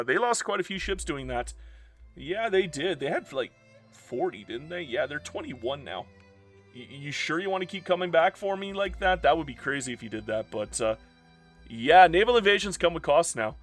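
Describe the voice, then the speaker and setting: A young man commentating his strategy gameplay, swinging from loud outbursts of disbelief to ranting and gloating. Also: on the high side. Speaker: strategy game video creator.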